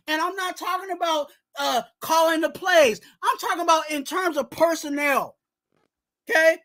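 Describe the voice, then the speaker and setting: A man hosting a fan sports talk stream, ranting in a casual, animated way and repeating his catchphrase. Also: moderate pace. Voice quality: high voice. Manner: animated, talks straight to the coach, repeats catchphrases.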